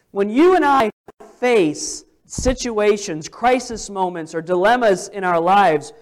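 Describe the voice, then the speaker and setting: Male preacher with a high voice, expressive sermon delivery, reads scripture aloud, leans on repetition. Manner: repeats phrases for emphasis. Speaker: pastor.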